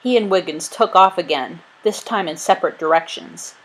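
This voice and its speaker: A woman reading a chapter book aloud as narrator, in a clear, lively way. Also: on the low side, moderate pace, rough recording. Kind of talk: storybook read-aloud.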